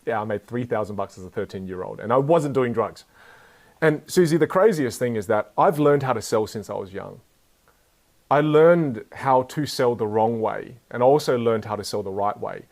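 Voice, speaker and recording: A young man giving a lively motivational talk on communication skills, joking and chatting with his audience. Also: medium pitch, normal speed. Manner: energetic, playful, jokes with the audience. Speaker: speaker teaching communication skills.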